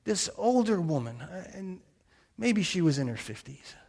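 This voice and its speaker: A man's voice: sits high, big pitch swings, normal speed, vocal fry, a little mellow, slight background noise. A middle-aged man preaching a sermon, earnest and telling a personal story as a pastor. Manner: earnest storytelling with quoted blessings.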